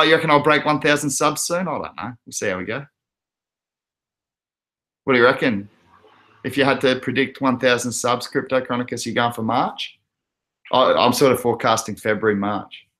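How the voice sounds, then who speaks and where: A man's voice: mid-range voice, a little fast, pauses often, a bit bright. An Australian man hosting a casual crypto livestream, chatting loosely and laughing often as he reads out viewer comments. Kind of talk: casual live chat reading comments.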